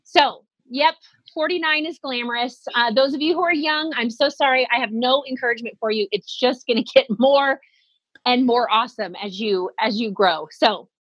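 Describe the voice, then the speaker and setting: A woman in her forties telling comic stories about aging, animated and self-deprecating, acting out little quotes. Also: on the high side, moderate pace, no echo, rough recording. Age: 40s. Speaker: comedian guest. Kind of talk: comedic storytelling in conversation.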